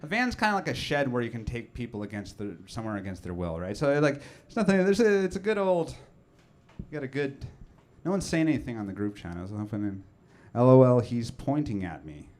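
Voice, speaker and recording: A man in his thirties performs a stand-up set. He rambles in a self-deprecating way, with frequent fillers and restarts. His voice sits at an ordinary pitch for a man. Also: sing-song, fast talker. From Nova Scotia, Canada. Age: 30s. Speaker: comedian.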